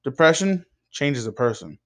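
A young man giving a scripted devotional talk with an earnest, measured preaching cadence. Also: medium pitch, big pitch swings, fairly bright tone. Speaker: speaker in a devotional video.

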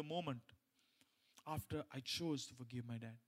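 A man preaching a sermon, moving from loud, emphatic points to quiet personal stories, with many restarts and repeated phrases. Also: fairly high pitch, a little fast. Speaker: pastor.

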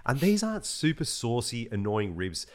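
A man's voice: mid-range voice, very animated, normal speed. A man co-hosting a podcast, chatting casually, laughing often and full of slang. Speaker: podcast co-host. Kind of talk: casual chat.

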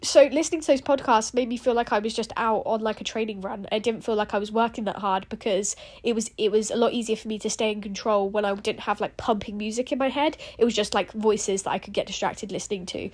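A woman's voice: medium pitch, fast, hardly any pauses. A young woman hosting a running podcast, chatting casually and animatedly with lots of "like" fillers. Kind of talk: casual solo chat.

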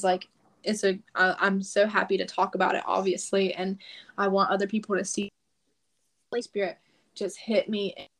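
A woman's voice: mid-range voice, fairly bright tone. A woman guest on a podcast, telling a personal story in a casual, emphatic way and acting out quoted prayers.

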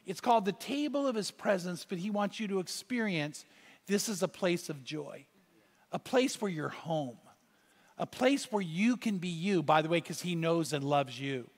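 Casting: male pastor, high voice, lively storytelling sermon, big reverberant hall. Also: normal speed. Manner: animated storytelling with rising exclamations.

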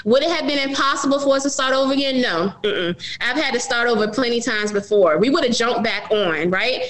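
A woman's voice: fairly high pitch, brisk, fairly bright tone, rough recording. A middle-aged woman, a business owner, telling her story earnestly in an interview and often calling her listeners y'all.

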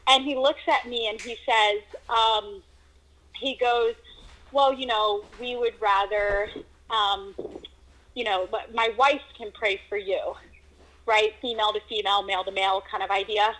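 Bright animated woman telling a story. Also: medium pitch, unhurried, rough recording. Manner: animated, reenacts moments with exclamations and laughs. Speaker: guest telling her story. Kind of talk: casual conversational storytelling.

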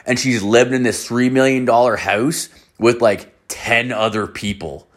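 A man's voice: mid-range voice, measured pace. A young man hosting a podcast, telling a story in casual chat, rambling and swearing heavily. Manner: heavy swearing, rambling and animated. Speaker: podcast host.

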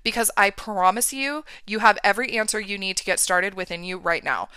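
A woman's voice: mid-range voice, brisk, pushed and bright, clean tone, dry recording, clean studio sound. A woman coach giving an emphatic motivational talk, often checking in with "right?" and "okay". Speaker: mindset and business coach for women.

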